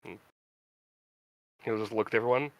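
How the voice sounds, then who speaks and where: Casting: male player, low relaxed voice, dry close sound, offhand delivery. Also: moderate pace, vocal fry, no room sound, highs cut off. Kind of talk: casual game chat.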